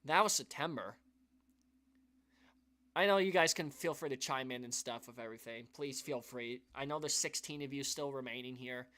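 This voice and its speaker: A man's voice: medium pitch, normal speed, pushed and bright. A man hosting a live stream, talking to his viewers in an earnest, rambling way, full of restarts and sighs, and emotional. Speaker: YouTube channel host.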